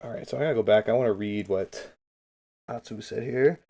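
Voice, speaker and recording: A man's voice: on the low side, fairly quick, warm tone. A man coaching game replays on a livestream, talking loosely and upbeat straight to his chat. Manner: upbeat, keeps saying beautiful.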